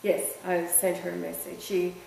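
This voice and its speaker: A woman's voice: fairly low pitch, flat delivery, normal speed, gravelly, warm tone. A woman co-hosting a casual talk show who keeps prompting and steering her guest. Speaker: co-host. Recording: echoey room, distant mic, faint noise.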